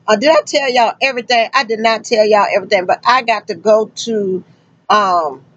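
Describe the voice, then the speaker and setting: A woman's voice: medium pitch, moderate pace, a bit bright, lo-fi sound. A woman truck driver vlogging casually and sassily, talking straight to her viewers and calling them honey and girl. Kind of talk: casual chatty vlog.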